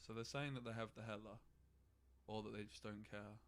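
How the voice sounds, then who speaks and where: A man's voice: fairly low pitch, fairly even intonation, fairly quick. A man streaming a card game, talking bluntly, swearing and ranting about his play. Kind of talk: frustrated live-stream commentary.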